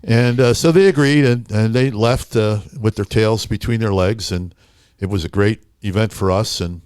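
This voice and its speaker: An older man with a lowish, dry, close-miked voice tells rambling anecdotes in a podcast studio. He leans on fillers and chuckles through his stories. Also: normal speed, a little mellow, clear, resonant tone, dry recording. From Philadelphia area. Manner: laughing, rambling anecdotes with frequent "uh" and "you know". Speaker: podcast guest, hockey arena announcer. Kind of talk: casual storytelling.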